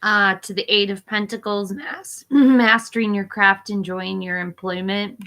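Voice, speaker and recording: A woman's voice: medium pitch, steady tone, unhurried, fairly bright tone. A woman in her forties doing a live-stream tarot reading, listing card meanings in short phrases while losing her voice. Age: 40s. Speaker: tarot reader.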